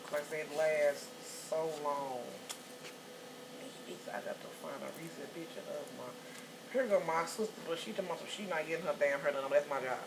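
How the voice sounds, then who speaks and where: A middle-aged woman chatting in a hair salon, telling animated stories, cussing freely and shouting out quotes. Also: low-pitched, moderate pace. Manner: animated storyteller, cusses freely, loud excited quotes. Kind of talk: casual chat. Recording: noisy background.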